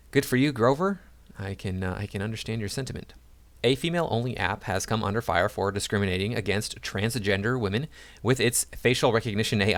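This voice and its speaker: A man's voice: on the low side, fairly bright tone. A man hosting his own channel, reading news articles aloud and breaking in with sarcastic, mocking asides. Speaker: YouTube commentator.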